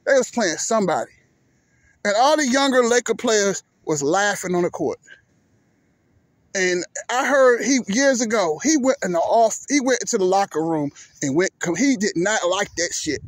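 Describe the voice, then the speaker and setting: A man's voice: sits high, expressive, moderate pace. A man ranting heatedly about basketball, cursing often and tripping over repeated words. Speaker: vlogger. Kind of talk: profane sports rant.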